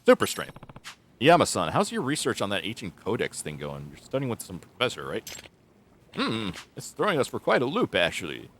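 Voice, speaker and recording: A man voicing an eccentric old male researcher from a game, pitching his voice up high and sounding eager and excitable. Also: brisk, a little hiss or hum. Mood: excited.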